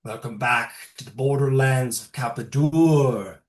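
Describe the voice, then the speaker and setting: A man voicing a gruff hobgoblin shaman who speaks slowly, deeply and formally in a tabletop game. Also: recorded from a distance, natural voice. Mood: solemn. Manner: slow, deep, formal.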